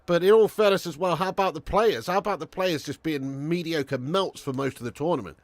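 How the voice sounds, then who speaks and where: Animated man, dry close mic. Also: on the high side, fairly quick, no room sound. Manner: animated, sweary banter, reads chat aloud. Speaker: watch-along streamer. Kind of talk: live football watch-along chat.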